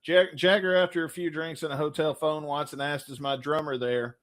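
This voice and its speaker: A man with a voice pitched a touch high hosts a loose podcast quiz. He is loud, crude and joking as he reads out the questions. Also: steady tone, normal speed. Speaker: podcast co-host. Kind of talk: casual chat, quiz.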